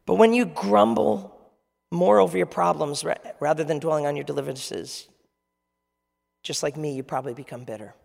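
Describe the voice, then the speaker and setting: A man's voice: on the high side, moderate pace, vocal fry, darkish tone. A man preaching a conversational sermon as pastor, asking the audience questions. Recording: long reverb of a large hall.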